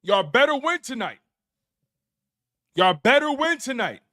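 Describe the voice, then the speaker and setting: High-voiced man hosting a sports show. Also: unhurried. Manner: animated, repetitive, playful trash talk to chat. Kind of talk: casual live-stream sports talk.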